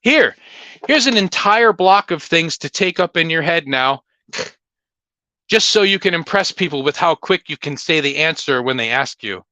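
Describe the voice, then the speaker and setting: A man hosting a casual livestream Q&A, blunt and opinionated as he rambles from point to point. His voice sits a bit high and swings widely in pitch, with a bright, forceful edge. The recording is dry and close. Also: lively intonation, moderate pace, no echo. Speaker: livestream host.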